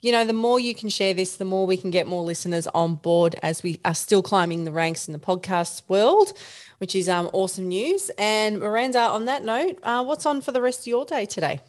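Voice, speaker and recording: A woman hosting a casual podcast and closing the show. Her voice sits at a middle pitch. She sounds enthusiastic and affirming toward her guest. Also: brisk. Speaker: podcast host.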